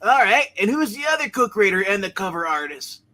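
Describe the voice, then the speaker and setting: Lively high-voiced man. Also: fairly quick. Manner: eager, quizzing the others. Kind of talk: casual comic podcast chat.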